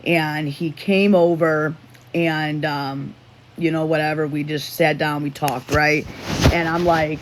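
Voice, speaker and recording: A livestream host tells a personal story in a loose, rambling way, stopping to restart sentences and to read the chat. The voice sits in a middle pitch range, neither high nor low. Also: fairly even intonation, slow. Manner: rambling, with self-interruptions and restarts; emotional retelling, reading chat aloud.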